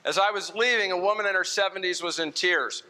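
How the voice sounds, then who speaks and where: A man's voice: high voice, fairly quick, bright, forceful tone. A man preaching a sermon in a church, conversational and telling stories with quoted dialogue. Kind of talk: sermon with storytelling.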